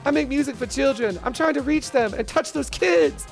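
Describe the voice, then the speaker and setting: A man doing a soft, whiny pop singer voice. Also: very high voice, normal speed, vocal fry, soft background music, pitched above the performer's own voice. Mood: whiny mockery. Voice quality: soft, demure. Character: soft-spoken whiny male pop singer, self-pitying.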